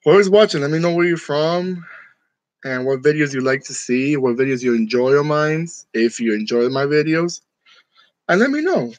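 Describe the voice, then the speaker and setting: A man's voice: on the high side, animated, moderate pace, dry recording, rough recording. A man from New York chatting casually with his viewers, joking and laughing often in a room decorated for Halloween. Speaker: channel host. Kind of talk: casual live chat with viewers.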